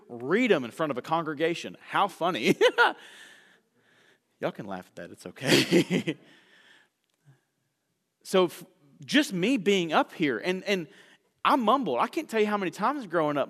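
A man preaching a sermon in a church sanctuary, a self-described fast talker who slows down for emphasis and swings from loud bursts to hushed asides. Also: a little high. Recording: echoey church hall reverb.

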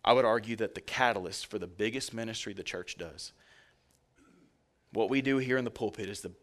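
A man's voice: fairly low pitch, a bit bright. A male pastor giving a sermon in a conversational, joking way, speaking directly to his congregation.

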